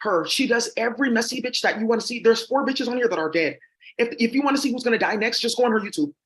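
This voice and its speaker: A woman's voice: on the high side, quick pace. Rambling, accusatory woman vlogger. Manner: rambling and accusatory, heavy with fillers. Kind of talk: rambling direct-to-camera monologue.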